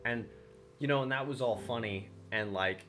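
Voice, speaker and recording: A man hosting a casual solo podcast, rambling through his thoughts with lots of fillers and animated bursts when he retells his own anger. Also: mid-range voice, moderate pace, music in the background. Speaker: podcast host.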